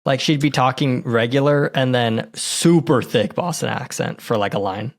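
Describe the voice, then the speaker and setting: A man's voice: mid-range voice, normal speed. Man earnestly recapping a film. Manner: earnest, retelling plot scenes at length. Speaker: podcast co-host. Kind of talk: casual movie review chat.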